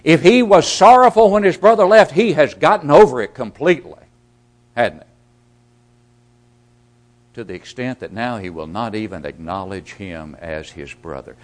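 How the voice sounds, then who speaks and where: Lively-voiced male preacher. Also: mid-range voice, normal speed. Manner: rhetorical questions, swings between loud emphasis and hushed asides. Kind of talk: sermon.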